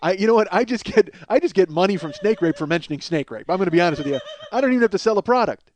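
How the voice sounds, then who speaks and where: Forties guy on his comedy podcast, kinda high voice, goofy rambling bits, cracks himself up. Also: lively intonation, very fast. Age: 40s. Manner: absurd running bits, loud bursts, laughs at own jokes.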